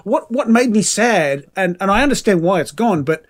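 Brief: male podcast co-host, casual album review, fumbling restarts, a casual swearer, slightly higher voice. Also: animated, normal speed. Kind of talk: casual music review chat.

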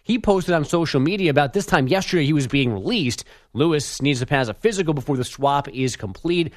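A man's voice: on the high side, lively intonation, a little fast, dry recording. A man hosting sports radio, reading a sports news update with dry, teasing remarks.

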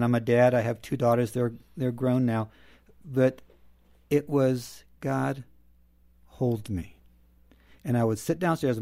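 A middle-aged man speaking earnestly and personally on a roundtable, dropping softly when he quotes his prayers. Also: medium pitch. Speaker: guest. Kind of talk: reflective roundtable talk.

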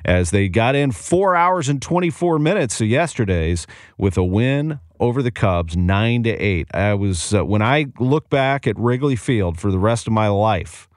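A man hosting a sports radio show, running briskly and enthusiastically through scores, schedules and upcoming guests. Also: fairly low pitch, no echo, clean studio sound. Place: radio studio. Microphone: studio microphone.

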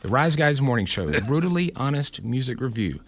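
A man's voice: mid-range voice, animated, dry recording. A man hosting a radio morning show, joking and teasing his guests in casual banter. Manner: joking, teasing, quick to jab.

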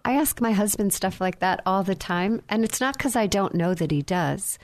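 A woman's voice: mid-range voice, animated, normal speed, no room sound. A woman on a faith talk show, telling stories with animation and acting out childlike voices. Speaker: guest speaker.

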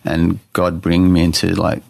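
A man with a fairly low voice tells a personal story in a podcast interview. He speaks earnestly, often restarting his phrases. The sound is close and dry. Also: level tone, normal speed, gravelly, no echo. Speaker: guest artist.

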